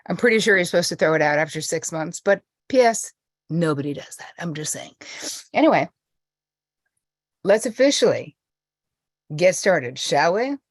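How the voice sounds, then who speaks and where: A cheerful middle-aged American woman hosts a live stream from home, greeting viewers one after another in a lively, chatty way. Her voice sits a little low and sounds close and dry, with no room around it. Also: moderate pace, long pauses, no echo. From United States. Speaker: host and therapist. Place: indoors at home.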